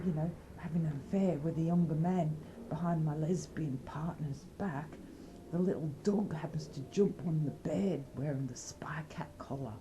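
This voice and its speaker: A woman's voice: low voice, moderate pace, noisy background. An Australian woman chatting in a rambling, cheeky way and brainstorming bawdy comedy skits. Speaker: comedy skit presenter. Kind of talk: casual comedic chat.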